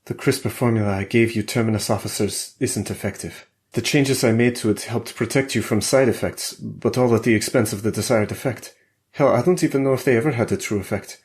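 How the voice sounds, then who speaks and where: A man's voice: fairly low pitch, fairly quick, a little mellow, voice pushed up, lightly acted. A man voicing a tired middle-aged scientist in a thriller audiobook, confessional and resigned. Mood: weary.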